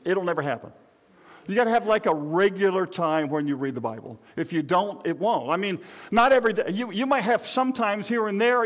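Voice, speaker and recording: Older male pastor, high voice, rambling folksy sermon style. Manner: conversational, rambling with frequent restarts and asides.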